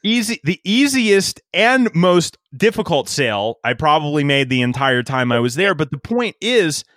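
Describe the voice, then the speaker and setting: Middle-aged man, lively anecdote, laughs often, dry close sound. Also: fairly high pitch, moderate pace, dry recording. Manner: animated anecdote-teller, laughs often, quotes himself. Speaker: podcast guest. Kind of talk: casual storytelling.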